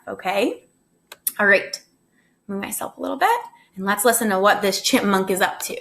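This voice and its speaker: Woman teacher talking to little kids, upbeat and chatty, mid pitch. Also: normal speed, a bit bright. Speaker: first grade teacher. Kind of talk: recorded phonics lesson for children.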